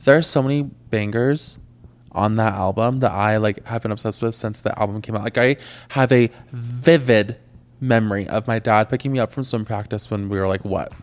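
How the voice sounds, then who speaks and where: A man's voice: on the low side, normal speed. Gushing young man chatting casually. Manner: gushing, excitable, filler-heavy. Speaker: podcast co-host. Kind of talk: casual chat.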